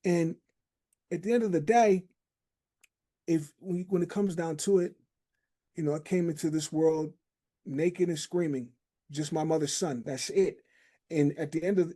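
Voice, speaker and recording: A man hosting a relaxed podcast chat, his voice a bit higher than most men's but mellow and warm. He muses aloud, circling back to his point through everyday comparisons and small stories. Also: unhurried, pauses often. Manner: reflective, storytelling with homely analogies. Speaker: podcast host. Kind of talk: casual conversation.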